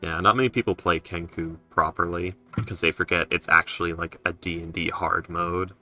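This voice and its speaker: A man's voice: low-pitched, steady tone, moderate pace, pushed and bright, soft background music. A man running a tabletop game, chatting casually with his players and swearing freely. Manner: laid-back, swears freely.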